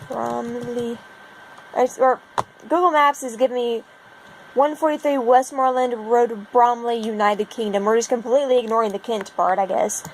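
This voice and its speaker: A woman's voice: on the high side, steady tone, normal speed, slight background noise, poor audio. A young American woman vlogging casually, thinking aloud and puzzling over things as she browses on her computer, recorded on a phone propped against her laptop. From United States. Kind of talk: casual vlog narration while browsing a map on a computer.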